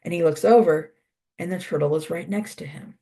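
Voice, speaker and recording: An instructor telling a traditional folk tale aloud to a class, unhurried, repeating words for effect. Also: mid-range voice, dark tone. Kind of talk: oral storytelling in a class.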